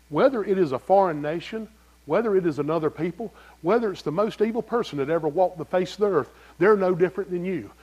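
Man, pastor, sermon, folksy, animated, high voice. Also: slightly rough. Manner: folksy, animated preaching with rhetorical questions.

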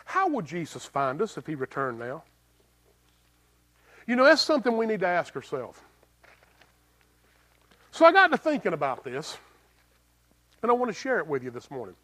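A pastor preaching a sermon in a plain-spoken, folksy way, swinging between loud emphatic bursts and low, quiet lines and asking the congregation rhetorical questions. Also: male voice, huge pitch swings, moderate pace, pauses often.

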